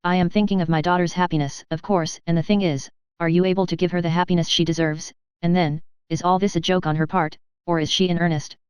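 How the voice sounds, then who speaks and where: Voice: medium pitch, fast talker, hardly any pauses, clean tone, dry recording, natural voice. A text-to-speech voice reading the lines of an agitated older father, a general. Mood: flustered. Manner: even synthetic reading.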